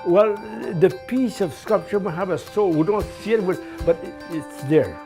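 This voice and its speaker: An older man with a French accent muses slowly in a documentary interview, laughing lightly between his thoughts. His voice sits a little higher than most men's, and faint music plays beneath him. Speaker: snow sculptor.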